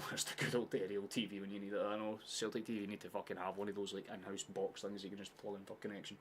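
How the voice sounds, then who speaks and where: A man hosting a live football watchalong, chatting casually, swearing often and shouting at big chances. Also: lowish voice, flat delivery, quick pace, a little hiss or hum.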